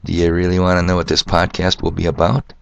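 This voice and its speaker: A man's voice: sits low, flat delivery, fast, gravelly, highs cut off, slight background noise. An older man hosting a solo podcast monologue, rambling and sardonic, asking rhetorical questions and spelling words out letter by letter. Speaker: podcast host.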